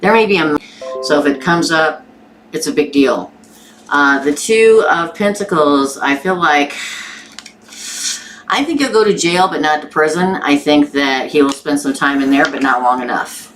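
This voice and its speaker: A woman's voice: sits low, lively intonation, normal speed, fairly bright tone. A woman from Missouri with a Southern accent, chatting aloud as she reads tarot cards on a live stream. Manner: chatty, thinks aloud while pulling cards. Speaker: tarot reader. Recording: distant mic with clear background noise.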